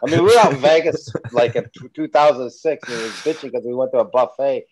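A man with a husky voice telling a story in a laid-back, slangy way during a relaxed group conversation. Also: medium pitch, quick pace, low-quality recording. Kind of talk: casual group chat.

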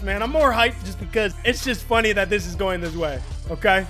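Excitable high-voiced man commentating gameplay. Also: fairly quick, hardly any pauses, faint music behind. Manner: excitable, shouting at big plays. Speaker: gaming YouTuber.

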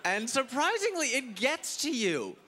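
A man doing stand-up comedy on a club stage into a handheld mic, telling stories in an exasperated, lively way. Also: very high voice, a little slow. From Africa. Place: comedy club stage before a live audience. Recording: live club set with loud audience and noise.

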